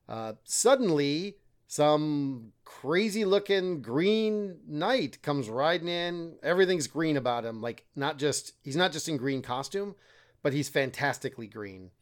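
Man explaining a medieval poem. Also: mid-range voice. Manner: explanatory, self-deprecating, acts out quoted lines. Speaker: podcast co-host, literature teacher. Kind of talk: casual literary discussion.

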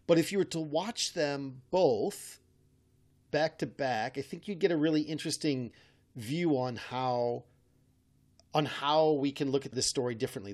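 A man hosting a casual chat, rambling and correcting himself with a wry tone. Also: fairly high pitch. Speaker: podcast host.

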